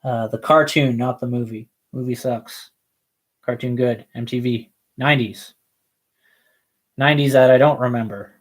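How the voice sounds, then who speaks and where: A man's voice: medium pitch, fairly even intonation, normal speed. A young man chatting casually and rambling while he paints, laid-back and slangy, with loose asides. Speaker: model painting streamer.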